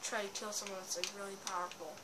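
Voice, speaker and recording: A woman giving casual gameplay commentary, excitable and often bursting into yells. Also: mid-range voice, fast talker, very noisy.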